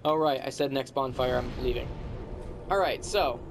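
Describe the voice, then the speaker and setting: A man's voice: mid-range voice, moderate pace, slight background noise. A man giving casual commentary while playing a game, grumbling and trash-talking the enemies with sarcasm. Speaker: gamer.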